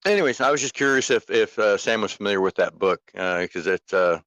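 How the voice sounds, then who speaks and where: Rambling co-host, man, very deep voice, dry close recording. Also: lively intonation, fairly quick, a bit bright, dry recording. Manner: rambling, stammering, repeats words. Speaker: podcast co-host. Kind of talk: casual livestream chat.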